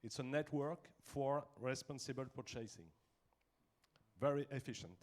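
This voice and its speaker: Hesitant French-accented man. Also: medium pitch. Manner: halting, hesitant English. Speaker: managing partner of a law firm. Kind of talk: business panel introduction.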